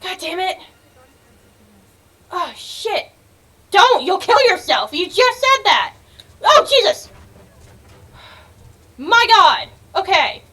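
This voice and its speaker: A young woman narrates her gameplay in a very high, bright voice that leaps all over the place. She is excitable and swears freely, breaking into yells and laughter as she plays. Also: slow pace, pauses often. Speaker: gaming video creator. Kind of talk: let's-play gameplay commentary.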